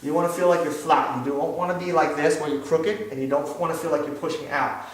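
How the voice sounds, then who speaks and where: Heard from a distance in a noisy, echoing room, a man leads a martial arts demonstration lesson with a fairly quick, steady voice on the high side. He walks through the drill step by step with patience, checking understanding by repeating "okay?" often.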